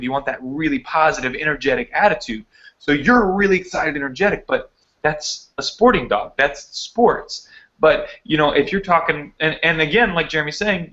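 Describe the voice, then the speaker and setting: A man's voice: fairly high pitch, pushed and bright. A man co-hosting a live online dog training chat, explaining with energy over a video call. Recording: dull lo-fi video call audio.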